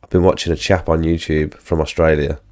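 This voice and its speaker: A man's voice: extremely low pitch, flat delivery, brisk, darkish tone. A man who is feeling ill, chatting casually on a live stream about his pressure washing business, rambling with lots of fillers.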